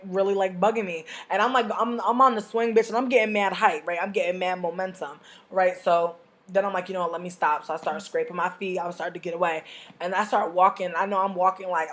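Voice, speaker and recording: Brash, profane young woman ranting. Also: lowish voice. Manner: profane, brash, animated storytelling. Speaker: vlogger. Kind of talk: casual storytime rant.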